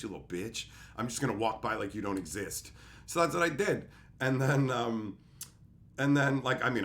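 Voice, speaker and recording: A middle-aged man talking casually on a livestream, his pitch swinging widely as he tells stories. He swears freely, laughs often and answers his chat directly. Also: a bit bright. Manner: profane, laughing storyteller. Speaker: streamer.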